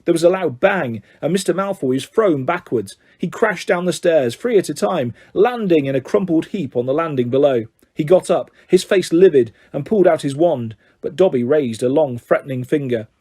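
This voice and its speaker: A man's voice: a little high, animated, moderate pace, few pauses, dark tone, breathy edge. A man narrating an audiobook, telling the story steadily and voicing the dialogue. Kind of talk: scripted narration.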